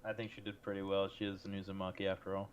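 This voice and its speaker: A low-voiced man speaks as a player in a tabletop game. He is blunt and jokes around. His mic sounds dull and lo-fi, with a faint hiss. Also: completely flat delivery, very fast. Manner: blunt, joking. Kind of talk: casual game chat.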